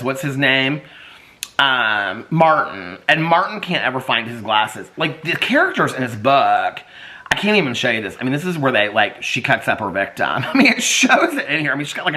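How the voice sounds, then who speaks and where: A middle-aged man vlogging casually, excitable and chatty, laughing often and using lots of fillers. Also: mid-range voice. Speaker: vlogger reviewing a graphic novel. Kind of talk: casual chat.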